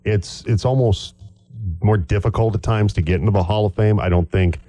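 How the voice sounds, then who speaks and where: A man's voice: lowish voice, steady tone, normal speed, dark tone, no echo. A man hosting a sports radio talk show, chatting easily with guests in a studio. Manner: easygoing, with frequent fillers. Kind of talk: casual sports radio chat. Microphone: studio microphone.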